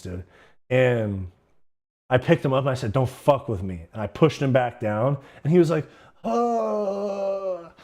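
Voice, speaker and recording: A man's voice: medium pitch, a little mellow. A young man hosting a livestream, telling stories casually in a rambling, slangy, profane way. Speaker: livestream host. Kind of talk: casual storytelling.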